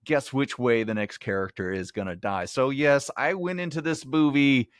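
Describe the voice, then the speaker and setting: A man's voice: mid-range voice, moderate pace, no room sound, studio quality. A man hosting a podcast, giving a chatty, casual movie review and laughing often. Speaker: podcast host. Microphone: headphones, home podcast mic.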